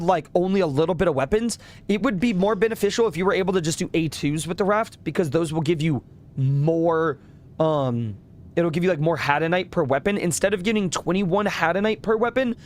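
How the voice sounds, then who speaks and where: A young man chatting casually with viewers while streaming a game. He rambles in slang, swears often and laughs a lot. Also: sits high.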